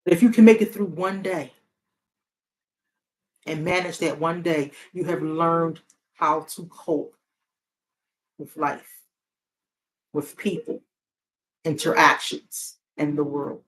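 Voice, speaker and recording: A woman's voice: sits low, steady tone, takes it slowly, pauses often. Earnest woman therapist, repeating phrases. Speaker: therapist and hotline counselor. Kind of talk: casual reflective monologue.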